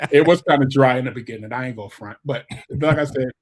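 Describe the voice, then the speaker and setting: A man from New York co-hosting a podcast in casual chat, animated, reading live comments aloud with quick exclamations. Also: medium pitch. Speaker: podcast co-host.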